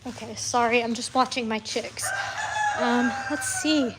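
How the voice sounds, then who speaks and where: A woman's voice: fairly high pitch, fairly even intonation, unhurried, background noise. A young woman livestreaming from her farm, chatting casually and rambling as she breaks off to talk to her animals. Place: outdoors on a farm among animals. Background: chickens and a rooster.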